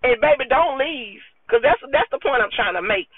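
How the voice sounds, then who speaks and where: High-voiced woman preaching into a phone. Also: expressive, brisk, hardly any pauses, a little hiss or hum. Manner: preachy, emphatic, with gospel exclamations. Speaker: vlogger. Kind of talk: impassioned spoken monologue. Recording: tinny phone-like dry sound.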